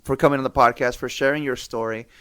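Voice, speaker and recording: A man's voice: medium pitch, fairly even intonation, fast talker, a bit bright, clear, resonant tone. A man hosting a podcast in casual chat, easygoing and informal, laughing along with his guest. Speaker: podcast host.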